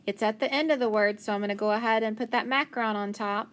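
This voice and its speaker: A woman with a slightly high voice teaches phonics to young children. She sounds out each word slowly and patiently, breaking it into parts and praising each answer. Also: steady tone, a bit bright, clear, resonant tone.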